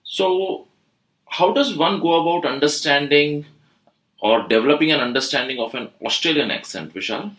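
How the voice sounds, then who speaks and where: A man's voice: on the high side, normal speed, fairly bright tone, echoey room, low-quality recording. A man co-hosting a podcast, asking questions in a hesitant way with many fillers. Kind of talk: conversational podcast interview.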